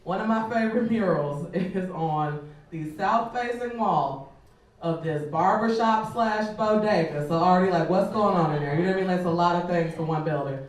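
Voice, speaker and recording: Animated woman in an echoey club. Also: lowish voice, moderate pace. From Chicago. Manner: animated, swearing, conversational with many fillers. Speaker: stand-up comedian. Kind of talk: stand-up comedy set. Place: comedy club stage. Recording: echoey club from a distant mic.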